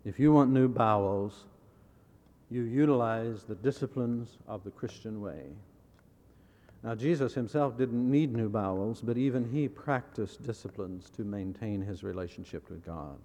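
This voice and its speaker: Measured preacher in a reverberant hall. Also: male voice, fairly low pitch, dark tone. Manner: measured, repeats key phrases for emphasis; asks the audience rhetorical questions. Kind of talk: sermon.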